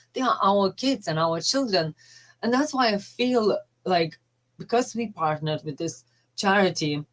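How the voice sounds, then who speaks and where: A middle-aged woman life coach talking in a casual, earnest and halting way, often emotional, with non-native phrasing. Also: mid-range voice, poor audio.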